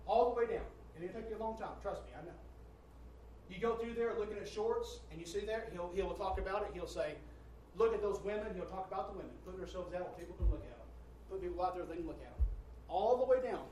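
A man preaching as pastor to his congregation, reading quotes slowly and loudly with a preaching cadence. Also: high-pitched, slight background noise. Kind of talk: sermon. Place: church sanctuary. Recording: echoey church from far off.

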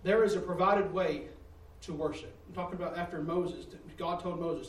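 A man preaching a sermon with a high voice, caught from some distance in a reverberant church hall. He tells stories in a confessional way and swings between hushed and loud, exasperated passages. Faint room ambience sits behind him. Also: normal speed.

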